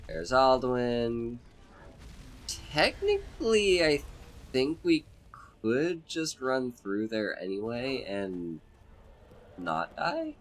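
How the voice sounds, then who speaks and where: A man streaming a game with hoarse, congested voice from a cold, chatting in a relaxed, rambling way. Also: medium pitch, extremely slow. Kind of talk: casual game commentary.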